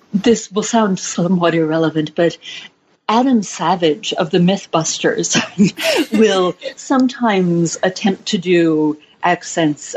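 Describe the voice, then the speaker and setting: A woman author answering interview questions in a reflective, measured way, with fillers and light laughs. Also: fairly low pitch, darkish tone, slight background noise. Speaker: author and guest. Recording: slightly dull, lo-fi sound.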